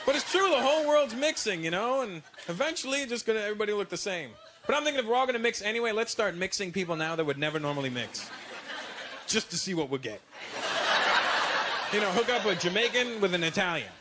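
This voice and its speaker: Man from Canada, stand-up comedian, lively storytelling, bouncy pitch, loud audience laughter and noise. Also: fast talker. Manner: lively, conversational storytelling with frequent asides.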